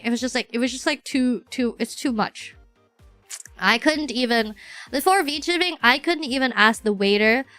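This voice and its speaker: Chatty young woman streamer, bright voice. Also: on the high side, clear, resonant tone, no echo. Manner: chatty, rambling, animated storytelling with many fillers. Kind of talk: casual chat.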